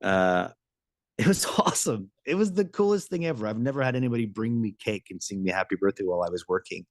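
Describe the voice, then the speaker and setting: A fast-talking man with a somewhat low voice delivers a motivational business training session. His story bursts with enthusiasm, full of restarts and repeated words, with no room sound.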